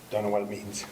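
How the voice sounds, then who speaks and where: A man's voice: lowish voice, very noisy. A middle-aged man telling family stories at a memorial service in a conversational, rambling way. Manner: rambling, conversational, with frequent fillers and laughs. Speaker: eulogist. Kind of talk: memorial speech with anecdotes.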